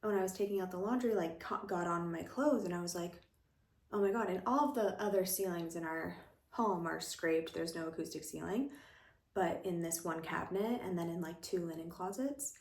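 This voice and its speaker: Gravelly, breathless woman chatting at home. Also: fairly low pitch, moderate pace, echoey room. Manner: chatty, rambling, many fillers. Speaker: vlogger. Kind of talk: casual pregnancy vlog chat. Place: room at home.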